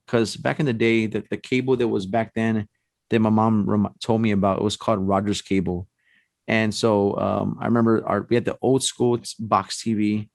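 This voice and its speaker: A man's voice: fairly low pitch, no echo. A man, a guest on a podcast, casually telling a long personal story, rambling with many fillers like "you know" and "like". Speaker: podcast guest, paranormal investigator.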